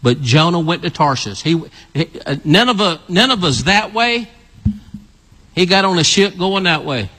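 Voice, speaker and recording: A man preaching an animated sermon, acting out a story with volunteers and calling out to the congregation. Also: moderate pace, slightly rough, in a large hall. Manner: animated, calls out to the audience, builds to excited high shouts.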